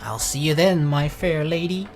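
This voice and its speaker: A woman reading the lines of a polite, smooth-talking young male student in a visual novel game. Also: deep voice, normal speed, lightly acted. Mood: charming.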